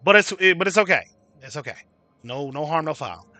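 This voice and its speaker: A man's voice: a little high, lively intonation, fairly quick, bright, forceful tone, dry recording. A man hosting a casual livestream, ranting and chatting with viewers by name, cursing freely. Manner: swearing freely. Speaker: livestream host.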